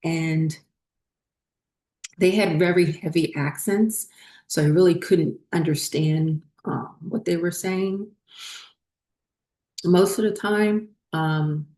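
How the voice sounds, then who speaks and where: A woman with a low, deep voice recounts a personal story in a loose, meandering way, pausing on fillers and restarting her sentences. Her voice echoes around the room she is recorded in. The tone is casual and conversational. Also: warm tone. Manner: rambling, many fillers and restarts. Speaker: spiritual channel host.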